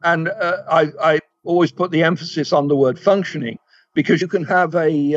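Male guest, thoughtful and halting, slightly high voice, dull muffled remote line. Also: creaky, no room sound. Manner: measured, hesitant with many fillers. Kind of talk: casual economics discussion.

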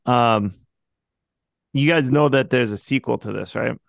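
Slow gravelly man hosting. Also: medium pitch, dry recording, clean studio sound. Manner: laid-back, crude joking. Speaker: podcast host. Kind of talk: casual chat.

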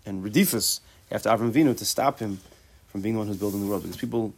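Low-voiced man teaching a casual Torah class. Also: fast talker, breathy edge. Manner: casual and conversational, with rhetorical questions and joking asides; mixes Hebrew terms into English speech. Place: class with students present.

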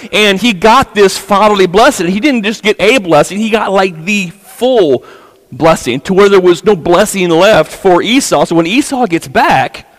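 High-voiced pastor in an echoing church. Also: male voice, expressive, moderate pace, fairly bright tone. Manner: casual storytelling, acting out the characters' lines. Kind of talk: sermon. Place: church sanctuary.

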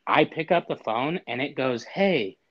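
A man's voice: medium pitch, moderate pace. A man casually telling a story, acting out both sides of a frustrating phone call with exasperated humor. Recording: dull lo-fi audio.

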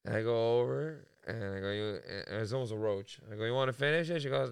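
A man from Canada co-hosting a casual podcast, telling stories in a lively way and swearing freely. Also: medium pitch, fast talker, creaky, clear, resonant tone, dry recording, clean studio sound. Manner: storytelling, animated, swears freely. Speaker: podcast co-host.

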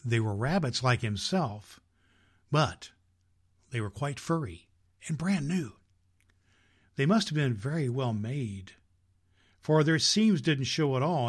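A middle-aged man hosting as Santa, reading a storybook to children in a lively, jolly way. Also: mid-range voice, a little slow, pauses often. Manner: lively storyteller, jolly, laughs at own jokes. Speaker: Santa Claus host reading stories.

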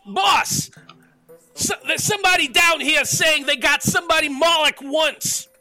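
A man voicing a loud, brash male devil guard in a tabletop game. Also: very high voice, measured pace, faint music behind, voice pushed up, heavily acted. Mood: yelling. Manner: shouting, brash.

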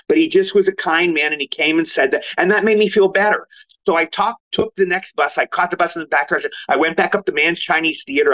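A fast, animated older man spins his stories on a podcast. His voice sits fairly high for a man. The sound is dull and lo-fi, like a remote line. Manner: animated, quotes others in raised voice. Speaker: guest actor. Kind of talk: casual storytelling. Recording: lo-fi remote audio.

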